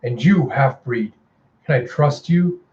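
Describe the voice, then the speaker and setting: A man voicing an urgent vampire general in a comic readthrough, barking brisk orders. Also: medium pitch, lively intonation, darkish tone, reverberant, lo-fi sound.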